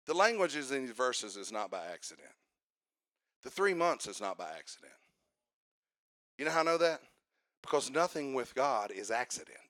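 A man preaching a sermon to a congregation, building to fervent shouts and calling for responses. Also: mid-range voice, big pitch swings, moderate pace, long pauses, dry recording, studio quality. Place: church service.

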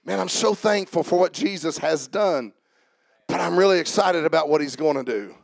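Fast-talking preacher building to shouts. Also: male voice, on the high side, creaky, no echo. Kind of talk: sermon. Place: church sanctuary.

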